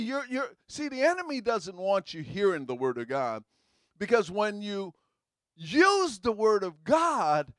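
A man preaching a sermon, calling for responses from his congregation and swinging from hushed asides to shouted lines. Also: high-pitched, no room sound. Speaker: pastor.

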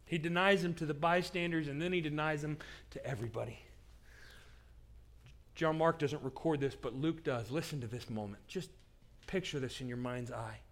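Pastor guy preaching from a stage, fairly high voice, earnest and dramatic. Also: moderate pace, fairly bright tone. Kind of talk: sermon. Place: stage with pulpit.

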